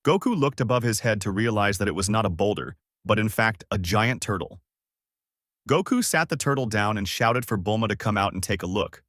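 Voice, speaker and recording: A man reads a fan-made adventure story aloud with a low voice. His reading is animated, with lively swings in pitch. The recording is dry and close. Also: fairly quick, no echo.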